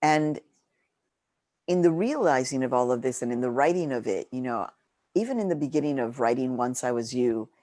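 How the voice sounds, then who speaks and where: A middle-aged woman author telling a personal story with passion, her pitch leaping up when she gets excited. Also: moderate pace, no room sound, clean studio sound. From Mexico. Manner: animated, impassioned storytelling with lively pitch jumps. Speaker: author and journalist. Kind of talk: book talk, personal storytelling.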